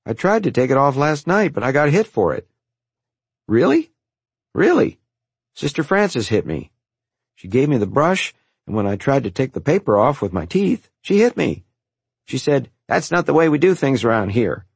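A man's voice: mid-range voice, big pitch swings, normal speed, creaky, husky, dry recording, pitched above the performer's own voice, heavily acted. A man voicing a curious young boy newly arrived at an orphanage, eager and full of questions, in an audiobook. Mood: excited. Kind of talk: audiobook character voice.

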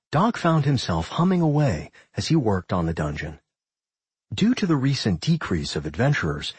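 Breathy, animated male audiobook narrator. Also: medium pitch, no room sound.

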